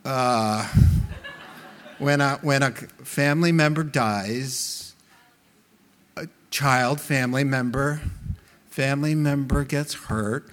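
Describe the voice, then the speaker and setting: A middle-aged male pastor preaching a sermon, telling stories in an animated, emphatic way. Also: mid-range voice, takes it slowly, pauses often.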